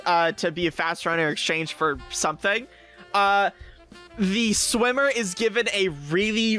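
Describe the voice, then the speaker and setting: Male streamer, high and bright, excitable, rambling, profane, faint music under him. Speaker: streamer reviewing comics. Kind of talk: casual streamed review.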